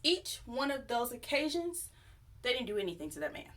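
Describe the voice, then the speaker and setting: A young woman telling a personal story to her viewers in a chatty, animated, sassy way. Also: on the high side, normal speed. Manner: chatty, animated, sassy retelling with acted quotes. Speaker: YouTube storyteller. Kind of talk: casual storytime vlog.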